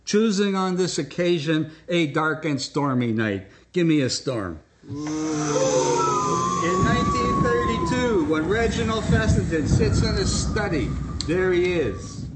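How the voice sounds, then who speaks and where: A man's voice: on the high side, big pitch swings, a little slow, very noisy. A man hosting a live stage show, joking and coaxing the audience along. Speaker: host. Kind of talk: comic stage patter.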